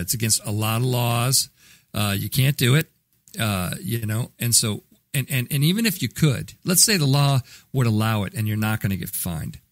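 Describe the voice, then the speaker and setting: A man's voice: medium pitch, no echo. A man hosting a podcast, talking about marketing in a blunt, ranting way that mocks bad habits. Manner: blunt, ranting, mocks callers in put-on voices. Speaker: podcast host. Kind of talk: opinionated marketing talk.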